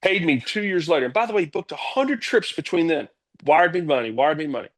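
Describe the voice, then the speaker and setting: A man, a company CEO, telling stories as a guest in a casual interview, energetic and blunt, swearing freely. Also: fairly high pitch, a little fast.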